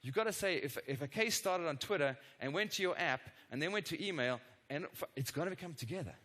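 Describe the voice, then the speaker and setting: A middle-aged man giving a live product demo keynote on a conference stage, energetic and constantly checking in with the audience through quick tag questions and self-deprecating asides. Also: on the high side. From not from the United States. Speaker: conference presenter.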